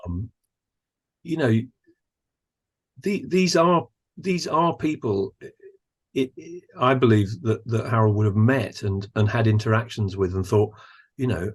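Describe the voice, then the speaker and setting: A man, a guest on a podcast, who talks thoughtfully and admiringly, often pausing to search for words. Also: fairly low pitch. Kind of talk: thoughtful conversational discussion.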